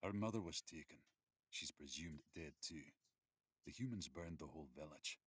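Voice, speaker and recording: An actor voicing a teasing, protective male wolf warrior in an audiobook, wry and calm. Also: very deep voice, moderate pace, slightly rough, no echo, exaggerated voice. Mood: grave. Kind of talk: audiobook character voice.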